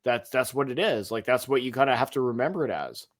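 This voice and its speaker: A man co-hosting a podcast in a casual wrestling history chat, animated and emphatic, often restarting his phrases. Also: medium pitch, fast talker. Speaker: podcast co-host.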